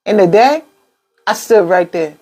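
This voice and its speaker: A woman's voice: medium pitch, animated, measured pace, warm tone. A young adult woman, a tarot reader, telling a story in a live-stream monologue, full of quoted asides and frank swearing.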